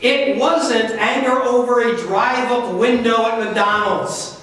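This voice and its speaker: A man pastor preaching a sermon, telling stories with lively swings in pitch and loudness. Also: slow. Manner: animated storytelling with wide swings in pitch and loudness. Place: church sanctuary. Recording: very echoey church, from far off.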